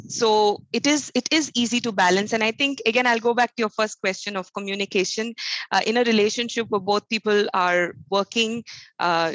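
A woman's voice: mid-range voice, a bit bright, no room sound, low-quality recording. A woman talking earnestly as a podcast guest, an encouraging motivational trainer who speaks emphatically and often adds "you know" and "right?". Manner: faith-centered encouraging tone. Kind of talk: podcast interview answer.

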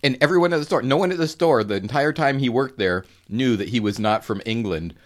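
A man co-hosting a podcast in casual chat, animated, laughing often and restarting his sentences. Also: medium pitch, brisk. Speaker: podcast co-host.

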